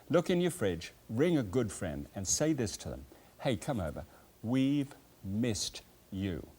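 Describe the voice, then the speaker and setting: Man, cooking show host, talks to the viewer, animated pitch, folksy asides. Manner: playful, folksy, full of asides. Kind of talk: chatty talk straight to the viewer.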